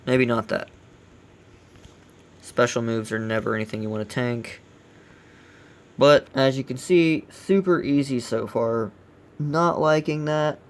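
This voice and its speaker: Gravelly man grumbling through a game. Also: mid-range voice, a little slow, pauses often. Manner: blunt, grumbling critique. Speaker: gaming channel host. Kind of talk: casual let's play commentary.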